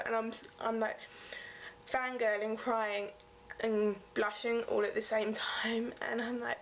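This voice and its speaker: A woman's voice: a little high, little pitch movement, measured pace. A young woman from England, gushing and rambling as she retells a story in a casual vlog. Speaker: vlogger. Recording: dull lo-fi sound with faint hiss.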